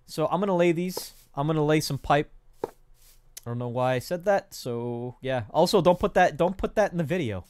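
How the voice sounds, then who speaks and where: A young man casually streaming a building game, rambling, cracking self-mocking jokes to his chat and counting out loud under his breath. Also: a little high, expressive, normal speed, a little hiss or hum. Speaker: gaming streamer. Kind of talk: casual live-stream commentary while building.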